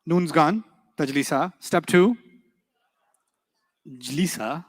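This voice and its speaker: In a big hall, a man with a fairly high-pitched voice runs an Arabic grammar class, tossing quick rhetorical questions at the students and ribbing them good-naturedly.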